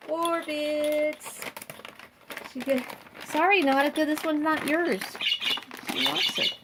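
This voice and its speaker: A woman vlogging at home beside her birdcages, chatting playfully and cooing at her pet birds in a high, sing-song voice. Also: animated, normal speed, noisy background. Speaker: bird owner and vlogger.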